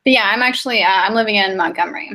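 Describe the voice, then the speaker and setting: Easygoing Mississippi-raised woman hosting a chat, bright and tense-edged tone. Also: medium pitch, racing, poor audio. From Mississippi, US South. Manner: easygoing, musing, filler-heavy. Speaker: host. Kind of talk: casual live-stream chat.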